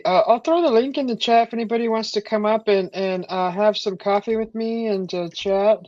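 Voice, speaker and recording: A woman hosting a casual live stream, chatting with viewers, hesitant with many fillers and thanking viewers with excited whoops. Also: medium pitch, dry recording, muffled recording.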